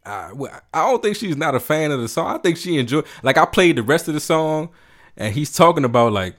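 A man from Washington, D.C. telling a story in casual, laid-back chat, profane and animated. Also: fairly high pitch, a little fast.

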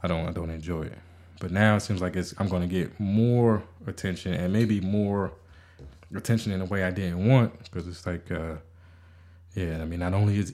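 Male podcast host, very low voice, rambling, stammering, self-deprecating. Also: fairly quick, a little mellow. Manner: rambling, stammering restarts, frequent swearing. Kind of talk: casual podcast monologue.

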